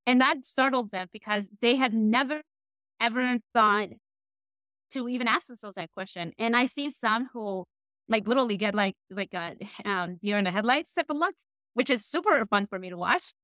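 A woman from Peru hosts a podcast in a casual, easygoing way and laughs often. Her voice is bright and clear. It is recorded close to the mic, with a dry sound and no room echo. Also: fairly high pitch, moderate pace. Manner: relaxed, laughs often, shares personal stories. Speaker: podcast host. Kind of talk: casual interview chat.

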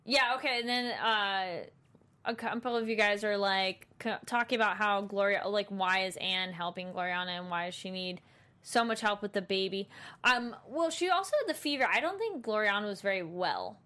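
A woman co-hosting a casual chat about a TV episode, talking it through and acting out quick reactions. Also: medium pitch, pushed and bright. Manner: chatty, acts out reactions in quoted asides. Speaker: podcast co-host.

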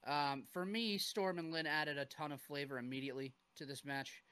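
A young man recaps a match on a podcast in a steady way, giving ratings and passing the mic to his co-hosts. His voice is bright and sharp and a little high. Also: normal speed, smooth. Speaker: podcast host. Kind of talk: casual recap.

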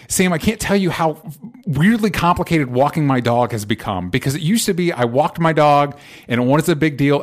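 A man co-hosting a podcast, chatting casually and rambling about movies, with frequent swearing and animated asides. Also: a little high. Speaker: podcast co-host.

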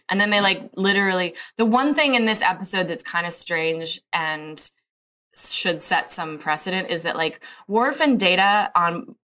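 A woman's voice: on the low side, pushed and bright. A woman co-hosting a casual chat, rambling and saying "like" constantly. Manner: rambling, heavy use of "like".

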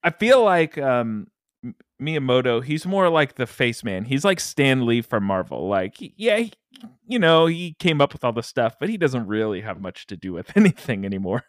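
A man's voice: medium pitch, big pitch swings, moderate pace, no room sound, studio quality. A man co-hosting a gaming podcast, joking around and slipping into silly voices. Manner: jokey, slips into silly put-on voices. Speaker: podcast co-host. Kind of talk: casual chat.

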